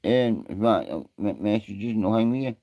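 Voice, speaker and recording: A man's voice: lowish voice, big pitch swings, a little slow, gravelly, dark tone. A Scottish man on a live stream, rambling and greeting viewers by name in casual chat.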